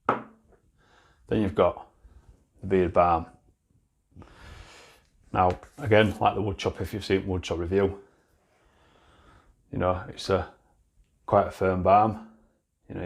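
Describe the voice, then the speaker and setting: Low-voiced Yorkshire man chatting bluntly. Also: level tone, unhurried, vocal fry, long pauses. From Yorkshire, England. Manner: blunt and chatty, swears freely, trails into restarts. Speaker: beard product reviewer. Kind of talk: casual product review chat.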